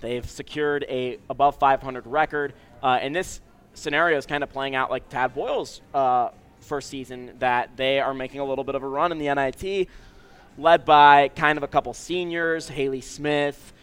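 A man's voice: mid-range voice, steady tone, moderate pace, fairly bright tone, clear, resonant tone. A man co-hosting a casual sports podcast, loose and joking, with lots of fillers. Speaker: podcast co-host.

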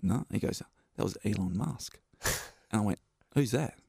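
A man's voice: on the low side, animated, moderate pace, vocal fry, darkish tone, husky, no room sound, studio quality. A man with an Australian accent, a stuntman guest telling rambling anecdotes in a casual interview. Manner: laid-back, rambling anecdotes with many fillers.

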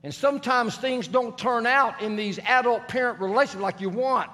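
A man's voice: very high voice, normal speed, bright, forceful tone, faint music behind. A middle-aged man preaching a sermon, telling family stories with humor and acting out the voices of others. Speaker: pastor. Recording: long reverb of a large hall.

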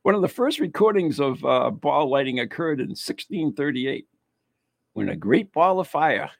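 A man with a gravelly, husky voice hosts a casual chat, reading an article aloud with lively rises and falls in pitch. He stumbles and adds jokey asides. The sound is close and dry. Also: no echo. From United States. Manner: reads aloud haltingly with frequent laughs and asides. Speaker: host.

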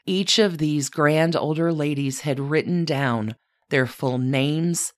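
A woman narrating a scripted story in a measured way, speaking directly to her subject as "you". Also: low-pitched. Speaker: podcast narrator.

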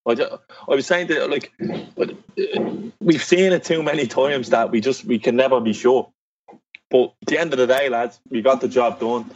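A man's voice: mid-range voice, moderate pace, darkish tone, dry recording. A man hosting a casual football chat, blunt and swearing as he leads the talk. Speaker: podcast host. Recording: dull, distant lo-fi mic.

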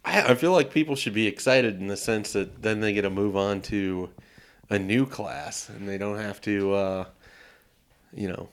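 A man's voice: on the low side, normal speed, smooth. A man hosting a sports podcast, talking casually and easily with a chuckle now and then. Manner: easygoing, chuckles, many restarts. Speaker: podcast host.

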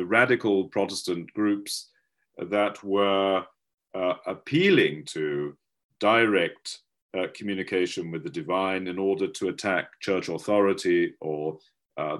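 A man giving an academic webinar lecture, halting with many fillers and restarts, over a video call. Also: sits low, fairly bright tone. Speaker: guest lecturer.

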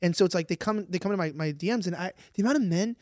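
Racing along in a high-pitched voice, this podcast co-host keeps up a loose, animated live-stream chat packed with filler words and rambling. The recording is dry and studio quality.

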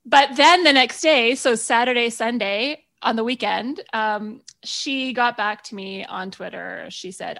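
Animated higher-voiced woman chef. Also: measured pace, creaky, hardly any pauses. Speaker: guest chef. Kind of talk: casual radio chat.

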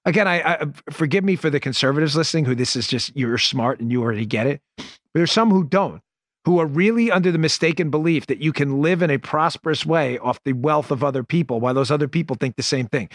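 A man hosting a political commentary show, talking in an animated, sarcastic and emphatic way. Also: fairly high pitch, quick pace, no room sound, studio quality. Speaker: podcast and radio host.

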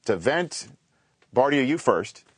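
Animated male sports radio host. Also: medium pitch, takes it slowly, husky, no echo. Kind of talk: casual sports radio chat.

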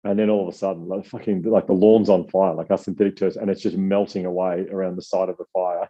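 A man telling a rambling, self-deprecating story as an author guest, quoting people in lively voices. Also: sits low, quick pace, slightly rough, dull audio. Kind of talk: casual storytelling.

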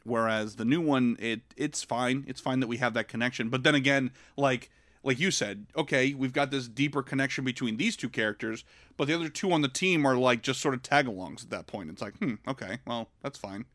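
Male podcast co-host, mid-pitch, chatty and rambling, dry close mic. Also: fairly quick, no room sound. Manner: animated, rambling, lots of fillers. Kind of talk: casual film review chat.

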